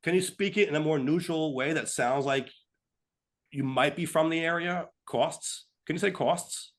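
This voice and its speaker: Animated man, casual political chat. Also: fairly high pitch, normal speed. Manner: animated, mimics voices to make a point. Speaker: podcast co-host.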